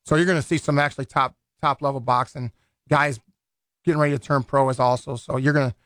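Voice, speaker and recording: A man's voice: medium pitch, steady tone, fast, fairly bright tone, no room sound. A man, a boxing event organizer chatting loosely in a radio studio interview, full of restarts and fillers. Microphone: studio microphone.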